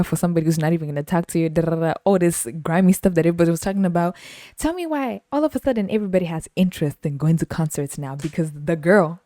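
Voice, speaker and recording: Chatty young woman with a low voice. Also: no room sound, studio quality. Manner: laughs often, animated retelling with quoted voices. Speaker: podcast host. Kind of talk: casual solo storytelling.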